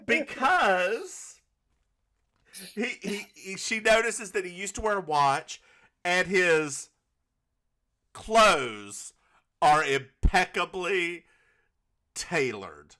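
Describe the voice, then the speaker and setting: Man, Southern accent, podcast co-host, campy, teasing, bright voice. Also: high voice, very animated, drawn-out words, pauses often. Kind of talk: casual comedic recap chat.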